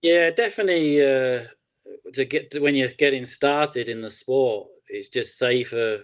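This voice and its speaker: English guy, quiet and matter of fact, short answers, normal pitch. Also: measured pace. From England. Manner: brief, plain-spoken, soft-spoken. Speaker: guest, pro enduro rider. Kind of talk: casual interview chat.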